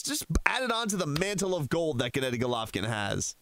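A man's voice: on the high side, sing-song, fairly quick, hardly any pauses, a bit bright. A man hosting a sports talk radio show from a studio, ranting with heated sarcasm.

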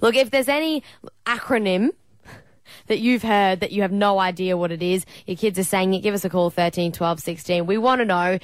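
A young Australian woman co-hosting a radio show, chatting in a lively, exclaiming way. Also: medium pitch, moderate pace, clean tone, dry recording. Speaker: radio co-host. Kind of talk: casual radio banter.

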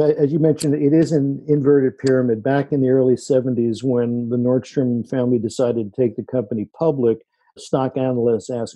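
A man's voice: mid-range voice, no room sound. A man being interviewed as an author, answering at length with stories and quoted remarks. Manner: anecdotal, animated when quoting people.

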